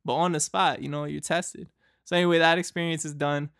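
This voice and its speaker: A man's voice: a little high, flat delivery, fairly quick, gravelly, a bit bright, clear, resonant tone, no echo, studio quality. A young man from Boston, hosting a podcast and telling a travel story in a loose, rambling way, full of fillers and laughs. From Boston, United States. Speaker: podcast host.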